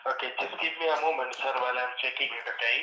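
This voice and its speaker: A man's voice: medium pitch, fairly even intonation, fast, sharp tone, echoey room, rough recording. A man working as a call center agent, using scripted customer-service phrasing.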